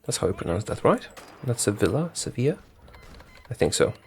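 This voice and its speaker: A man's voice: lowish voice, huge pitch swings, fast talker, vocal fry, a little mellow, a little hiss or hum. A man giving casual commentary on his strategy game, thinking aloud, talking to his units and correcting himself as he goes.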